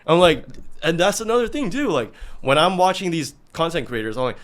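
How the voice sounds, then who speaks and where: A man hosting a podcast in casual chat, venting with lots of swearing and animated asides. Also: fairly high pitch, a little fast. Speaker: podcast host.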